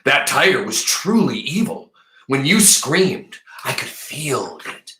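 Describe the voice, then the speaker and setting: A man's voice: mid-range voice, sing-song, slow pace, pushed and bright, roomy sound, slight background noise, pitched above the performer's own voice, exaggerated voice. A man voicing a huge male dragon who protects a girl, with a thundering way of giving orders. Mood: gentle. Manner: thundering commands.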